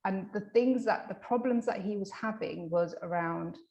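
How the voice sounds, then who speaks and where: A woman hypnotherapist in a casual interview, telling a client story with lively acted-out quotes and frequent restarts. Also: medium pitch, moderate pace, muffled recording. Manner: animated, acts out quoted dialogue; many fillers and restarts. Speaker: hypnotherapist guest.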